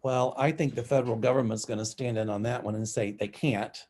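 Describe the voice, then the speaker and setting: A man's voice: medium pitch, fairly even intonation, brisk, darkish tone. A man from the South with a Southern American accent, a psychic talking through his predictions in a casual, opinionated monologue, chatty and scornful with many ums. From Southern United States.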